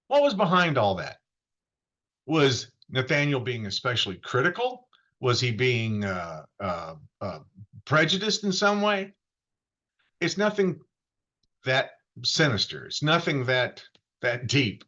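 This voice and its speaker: A man preaching in a relaxed, conversational way, his pitch swinging up and down as he tells the story and slips into the voices of the people in it. The recording sounds dull and muffled. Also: measured pace. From Florida. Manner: lively storytelling, acting out quoted voices. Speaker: pastor. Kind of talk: conversational sermon.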